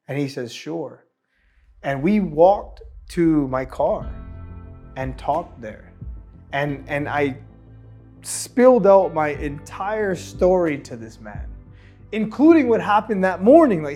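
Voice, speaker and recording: A man's voice: fairly high pitch, animated, unhurried, darkish tone, faint music behind. A man from El Salvador telling his own life story in an interview, acting out the dialogue he quotes, with frequent restarts. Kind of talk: personal testimony in an interview.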